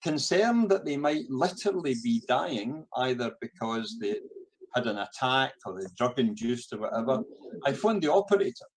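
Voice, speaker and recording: A man's voice: medium pitch, big pitch swings, moderate pace, low-quality recording. A man with a Scottish accent giving a lecture full of personal stories, often repeating a word while he looks for the next phrase. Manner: storytelling, acts out the voices of the people he quotes. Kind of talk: anecdotal lecture.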